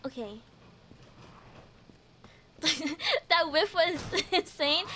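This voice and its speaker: A woman's voice: high voice, animated, takes it slowly, pauses often, a bit bright, a little hiss or hum. A woman streaming a game, giggling often and chatting with her viewers as she plays. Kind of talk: casual gameplay commentary.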